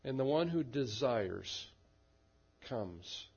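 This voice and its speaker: A man preaching a sermon and leading a prayer, with slow, measured delivery and repeated refrains. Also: mid-range voice, lively intonation, vocal fry, darkish tone, husky, lo-fi sound. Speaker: pastor.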